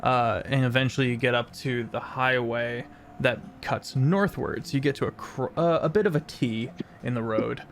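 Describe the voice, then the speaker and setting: A man's voice: medium pitch, normal speed, slight background noise. A man running a tabletop role-playing game as game master, narrating in a rambling way with many ums and uhs.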